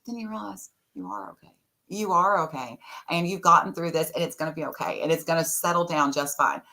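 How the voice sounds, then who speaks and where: A woman's voice: deep voice, expressive, a little fast. A middle-aged woman guest on a podcast, telling stories casually and laughing often. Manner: warm storyteller, laughs often. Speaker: podcast guest, tarot reader. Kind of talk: casual interview talk.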